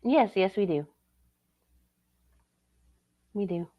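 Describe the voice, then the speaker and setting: A woman's voice: medium pitch, expressive, drawn-out words, lo-fi sound. A woman streamer reacting to a video in casual, blunt and profane commentary. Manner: blunt and profane, laughs often.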